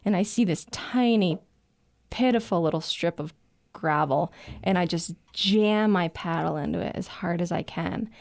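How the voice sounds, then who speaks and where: A woman writer telling a personal adventure story in a casual, animated way, laughing often and filling with "like". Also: on the low side, normal speed, gravelly. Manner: lively, breathless retelling with laughs and "like" fillers.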